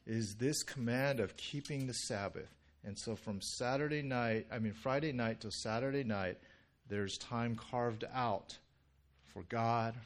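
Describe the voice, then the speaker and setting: Animated, chatty male pastor preaching. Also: lowish voice. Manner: conversational, animated, with many fillers and restarts. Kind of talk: sermon.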